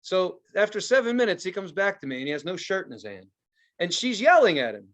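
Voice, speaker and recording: Dude on a podcast telling a wild story, swears constantly, slightly high voice, yells out the quotes. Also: male voice, a little fast. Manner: profane, animated storytelling with loud acted-out quotes. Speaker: podcast co-host. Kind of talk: casual podcast chat.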